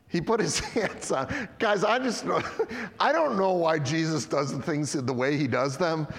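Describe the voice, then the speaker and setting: A man preaching a sermon with animated storytelling, acting out the people in the passage and chuckling as he goes. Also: on the high side, long reverb tail. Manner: lively storytelling, acts out voices, chuckles. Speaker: pastor.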